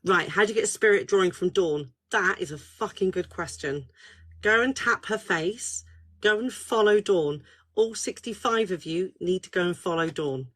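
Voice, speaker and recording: A woman's voice: on the low side, moderate pace, breathy edge. Chatty, swearing woman hosting a live stream. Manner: chatty and animated, swears freely. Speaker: spiritual counsellor and live-stream host. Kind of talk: casual live-stream chat.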